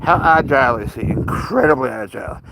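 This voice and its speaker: A man's voice: mid-range voice, animated, a little fast, noisy background. An older man hosting a casual livestream, rambling and chatty as he reads out and answers viewer comments. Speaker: livestreamer with a pet cat.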